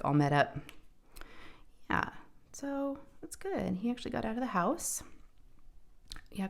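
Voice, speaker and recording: Chatty woman with a lowish voice. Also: gravelly. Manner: chatty, addresses viewers as y'all, many fillers. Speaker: crafting vlogger. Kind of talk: casual storytelling while diamond painting.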